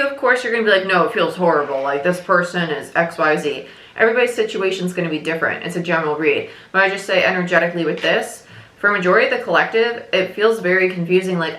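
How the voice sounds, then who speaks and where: A woman's voice: lowish voice, a bit bright, roomy sound, poor audio. A woman giving a casual tarot reading, chatty and repetitive, often saying "like" and "right?", talking around a piece of gum. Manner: chatty, repeats herself, frequent "like" and "right?". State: chewing gum while talking. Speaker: tarot reader.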